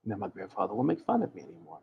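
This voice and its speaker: Guy hosting a livestream chat, gravelly husky voice, bounces around a lot, jokes at himself. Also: fairly low pitch, racing, dull audio. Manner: playful, teasing himself over hard words; animated, stumbling through restarts. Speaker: host giving hoodoo readings and advice. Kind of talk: casual livestream chat, reading from the chat.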